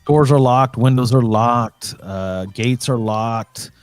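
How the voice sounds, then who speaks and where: A man's voice: mid-range voice, slow pace, dry recording, faint music behind. A man calling in from home as a guest, talking in a rambling, earnest way with many fillers and restarts. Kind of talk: casual call-in chat.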